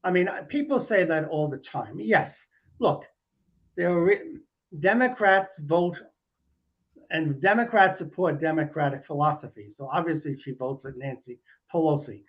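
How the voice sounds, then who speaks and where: An older man, a journalist guest, answering political questions haltingly with many restarts. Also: on the high side, highs cut off. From New Jersey. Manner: hesitant, many restarts, measured. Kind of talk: political interview.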